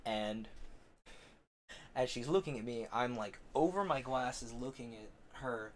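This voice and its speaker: A man's voice: on the low side, normal speed, slight background noise. Young man telling stories on stream. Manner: rambling, self-mocking, often laughing. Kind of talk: casual storytelling on a game stream.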